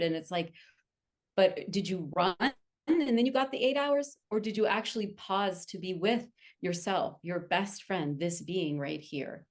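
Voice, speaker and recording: Woman, guest author, candid, animated, slightly low pitch. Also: moderate pace. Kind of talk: casual interview chat.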